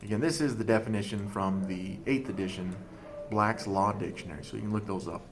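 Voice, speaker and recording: A man teaching a coding class over a screen recording, talking through each step in a relaxed, thinking-aloud way. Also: on the low side, a little fast, noisy background.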